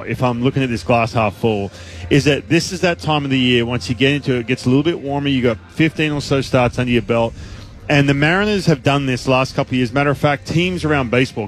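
A man, a baseball analyst guest, talking casually on sports radio in a rambling way with many restarts and asides. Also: medium pitch.

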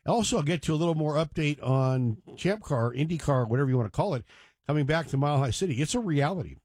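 A man's voice: fairly high pitch, expressive, fast, darkish tone, no room sound, clean studio sound. A man hosting a talk radio show, rambling and digressing with joking asides. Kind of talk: casual talk radio monologue.

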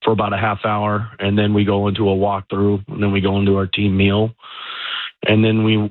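A male football coach calls in to a radio show, his low voice coming through a tinny phone line. He talks in a relaxed way and fills his sentences with "you know" and "um". The line sounds dry and close. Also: a little fast, no echo. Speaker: high school football head coach. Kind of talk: phone-in interview.

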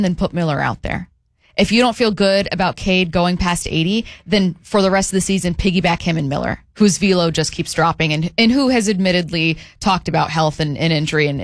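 A woman co-hosts a casual sports talk show in a slightly low voice. She is opinionated and often restarts her sentences. The sound is dry and close. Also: dry recording. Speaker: co-host.

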